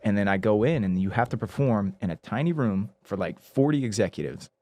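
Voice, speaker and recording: A man in his thirties, a guest actor, telling animated stories in a casual podcast chat. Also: on the low side, fairly quick. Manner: animated storyteller who acts out quoted people.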